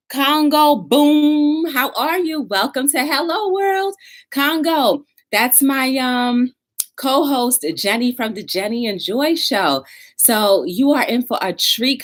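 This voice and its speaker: A woman hosting a live talk show, bubbly and excitable, a little out of breath. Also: mid-range voice. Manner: bubbly, excitable, sings and chants along. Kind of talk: upbeat live-stream chat.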